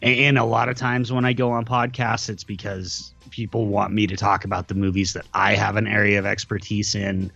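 A man talking as a podcast guest in casual chat, enthusiastic and quick in bursts. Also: on the low side, level tone, creaky, sharp tone, slightly rough, dull audio, faint music behind.

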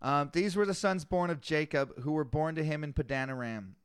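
A man's voice: on the high side, fairly quick, clean tone, no echo, clean studio sound. A man co-hosting a podcast, reading scripture aloud in casual chat and growing exasperated at long lists of names, swearing as he goes.

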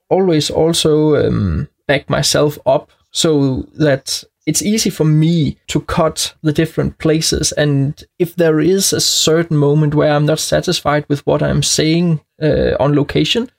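Gravelly Danish-accented man with restarts. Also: a little high, steady tone, a little slow, hardly any pauses. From Denmark. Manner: hesitant, many restarts and fillers. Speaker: guest. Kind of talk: podcast conversation.

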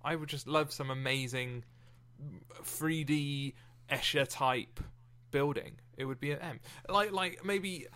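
A man co-hosting a casual, animated chat about poetry. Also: a little high, slow pace.

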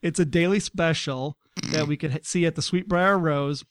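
Clear-voiced man co-hosting a chat show. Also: a little high, normal speed, dry recording, studio quality. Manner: reads listener messages aloud, wry. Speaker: podcast co-host. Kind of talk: casual chat.

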